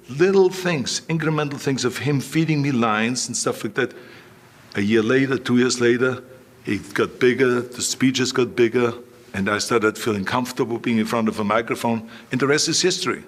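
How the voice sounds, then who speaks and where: A man's voice: mid-range voice, a bit bright. Older man telling stories. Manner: emphatic, repeats himself, acts out dialogue in stories. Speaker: interview guest. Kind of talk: anecdotal storytelling in an interview.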